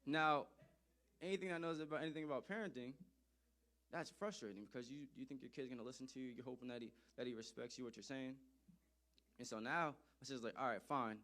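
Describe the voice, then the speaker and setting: A man in the middle of a storytelling address, speaking at an ordinary, mid-range pitch. He talks with animated emphasis and circles back over his own phrases to drive each point home. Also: fast. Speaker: speaker telling a personal story.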